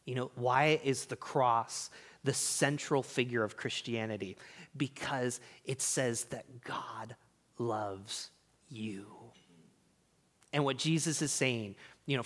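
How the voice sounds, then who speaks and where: A man in his thirties preaching a sermon in a church, chatting casually and swinging between loud emphasis and hushed, near-whispered lines. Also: mid-range voice. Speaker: pastor. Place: church sanctuary.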